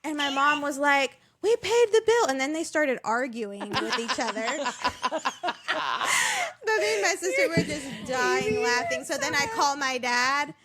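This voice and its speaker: A woman co-hosting a podcast, chatting casually and telling animated stories with frequent laughter. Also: high voice, a little slow. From southern United States. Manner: animated storyteller, laughs often. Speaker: podcast co-host. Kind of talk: casual chat.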